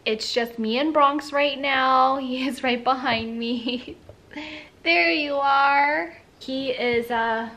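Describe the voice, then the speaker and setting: A woman's voice: sits high, slow pace, sharp tone. A woman filming a casual home vlog, often laughing and cooing baby talk to her dog. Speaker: vlogger.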